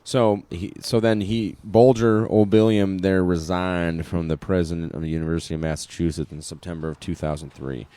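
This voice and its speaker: A man's voice: sits low, fairly even intonation, a little fast, few pauses, mellow, dry recording. A man co-hosting a podcast, chatting casually with wry, joking asides. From Iowa. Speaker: podcast co-host. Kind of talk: casual political chat.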